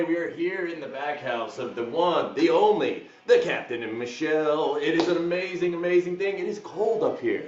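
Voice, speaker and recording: Male fitness host, high-voiced hype man, live class recorded in an echoey room with a dull lo-fi sound. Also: normal speed, hardly any pauses, background noise. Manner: hyped, shouting hype-man energy. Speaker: fitness instructor. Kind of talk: live workout class hosting. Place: back house room.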